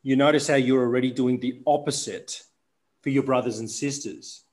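A man with a mid-range voice guides his guest through a reflection, coaching with deliberate, emphatic phrasing. He speaks plainly and unhurriedly as a podcast host. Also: medium pitch, fairly even intonation, darkish tone.

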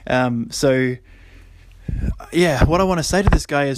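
A young man hosting a solo podcast, talking casually and then getting preachy and animated, with lots of fillers and quick laughs. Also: fairly high pitch. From Australia. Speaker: podcast host.

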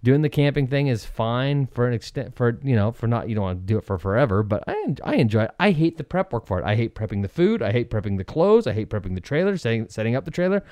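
A man's voice: medium pitch, animated, fast talker, hardly any pauses, a little mellow, no echo. Sleep-deprived male podcast co-host, rambling and self-mocking, dry mic. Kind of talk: casual chat.

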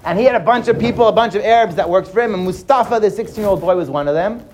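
Expressive storyteller with hushed suspense. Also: mid-range voice, very fast, a little hiss or hum. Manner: lively, drops to hushed for suspense. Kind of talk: dramatic storytelling.

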